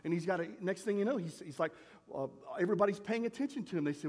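High-voiced man preaching a sermon. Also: animated, fast talker, a little mellow, slightly rough, in a large hall. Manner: conversational preaching, rhetorical questions, recites a poem. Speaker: pastor. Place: church.

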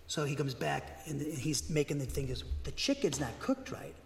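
A man's voice: on the high side, very animated, moderate pace, a little hiss or hum. An older man preaching a sermon, telling stories in a rambling, folksy way with sudden bursts of emphasis. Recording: long hall reverb.

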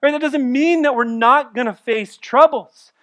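A male pastor delivering a sermon, swinging from loud emphatic lines to soft, intimate asides. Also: very high voice, normal speed.

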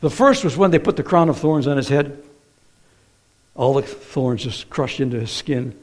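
Man preaching with a lively, rising voice. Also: medium pitch, normal speed. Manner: conversational, rhetorical questions to the congregation. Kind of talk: sermon.

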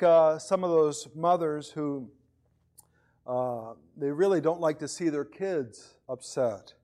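A man delivers a sermon in a loose, conversational way. His voice sits a little higher than most men's, and he often restarts phrases by repeating a word or two. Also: a little mellow. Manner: conversational, repeats words when starting phrases; acts out voices of others in his examples. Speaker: preacher.

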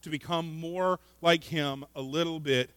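A man delivers a sermon with a high voice, close to the mic in a dry space. He is earnest, often repeats words, and swings between loud emphasis and quiet asides. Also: steady tone, a little slow, smooth, no room sound. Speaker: pastor.

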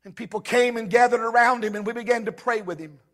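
Male pastor, very high bright voice, fiery sermon delivery that swings between loud and soft. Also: fairly even intonation, fast. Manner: impassioned preaching, swinging between shouting and hushed storytelling. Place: church sanctuary with a live congregation.

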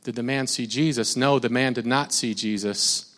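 A man's voice: mid-range voice, steady tone, normal speed. Man preaching in an echoing hall. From Minnesota. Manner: conversational, repeats words, mimics shouting. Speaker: pastor. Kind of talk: sermon. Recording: long hall reverb.

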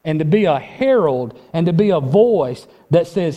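A man preaching a sermon as pastor, urgent and conversational, dropping low then rising with force. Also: lively intonation, normal speed, mellow, big-room sound. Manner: urgent, conversational preaching with dramatic drops and rises.

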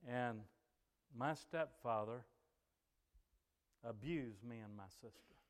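A man's voice: mid-range voice, takes it slowly, big-room sound, close to an everyday voice. Man voicing an earnest elderly woman. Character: woman in her seventies seeking counsel.

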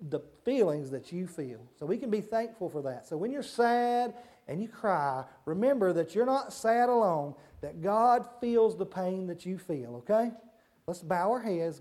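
Man leading a children's sermon. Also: sits high. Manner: asks children questions, talks simply and warmly to kids; hushes and redirects children mid-talk. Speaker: children's church leader.

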